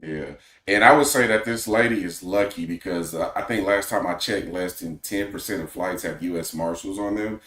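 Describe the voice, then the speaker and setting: A man co-hosting a podcast, talking in a measured, opinionated way and posing questions. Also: low voice, fairly bright tone, echoey room. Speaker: podcast co-host. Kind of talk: casual podcast chat.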